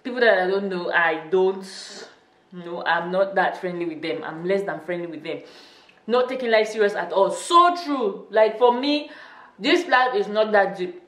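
A woman's voice: medium pitch, expressive, moderate pace, fairly bright tone, far from the mic. A young woman chatting casually on her YouTube channel, laughing often and teasing her viewers. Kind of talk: casual vlog chat. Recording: echoey room, voice off-mic.

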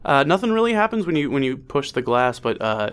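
A man's voice: medium pitch, sing-song, fairly quick, fairly bright tone, smooth. Laid-back male game master. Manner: casual, loose narration with fillers and profanity. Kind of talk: narrating a tabletop game.

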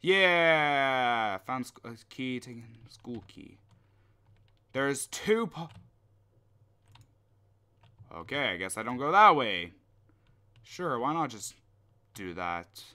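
A young man talks his way through a horror game at an unhurried, drawn-out pace, mostly muttering to himself. His voice has a bright, sharp edge, and he swears and yelps when something startles him. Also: medium pitch, sing-song, clear, resonant tone. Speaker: gameplay commentator. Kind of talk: horror game let's play commentary.

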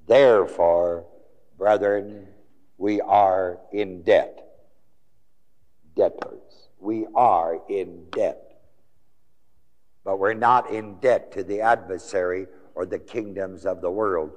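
A male preacher delivering a sermon, quizzing listeners with questions and swinging from low murmurs to high, ringing exclamations. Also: slow pace, long pauses, a little mellow. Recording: long hall reverb.

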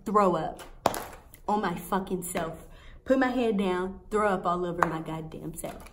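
A young woman vlogger telling a story in a casual, profane, animated and exasperated way. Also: lowish voice, unhurried.

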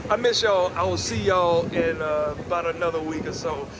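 A man's voice: fairly high pitch, moderate pace. A man sending a playful, laid-back video message to the show's hosts from outdoors by the water. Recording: outdoor ambience, boat noise.

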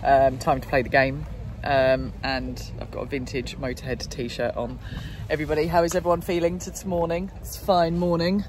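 A woman's voice: deep voice, level tone, moderate pace, few pauses, a little mellow, slight background noise. Giggly, chatty woman vlogging. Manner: chatty, giggly, swears freely. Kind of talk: casual festival vlog. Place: outdoors at a rainy festival campsite.

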